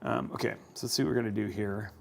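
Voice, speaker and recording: A man's voice: lowish voice, steady tone, quick pace, creaky, slight background noise. A man hosting a livestream, chatting casually and thinking aloud while building a computer. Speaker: host.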